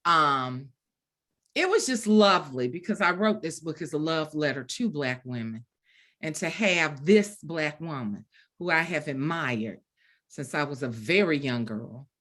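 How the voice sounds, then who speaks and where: A woman in her fifties from the Deep South, telling a story as an author guest, acting out the dialogue and laughing often. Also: animated, measured pace, fairly bright tone. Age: 50s. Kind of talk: storytelling in a virtual book event chat.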